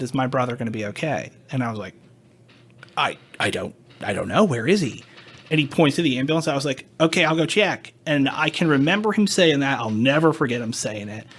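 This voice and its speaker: Higher-voiced man telling a story. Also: a bit bright. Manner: storytelling, acts out quoted dialogue, swears, self-interrupting. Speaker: podcast host. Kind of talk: casual chat.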